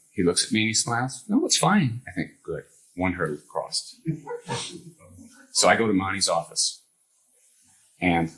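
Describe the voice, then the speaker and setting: An older man telling a personal anecdote to a live audience, animated, acting out the others' lines in the story. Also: deep voice, rough recording.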